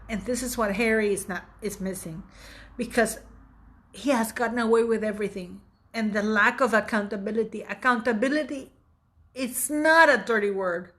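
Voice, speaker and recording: A woman's voice: a little high, normal speed, fairly bright tone. A woman in her fifties hosting her own channel, giving blunt, indignant opinion commentary with emphatic delivery. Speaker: channel host.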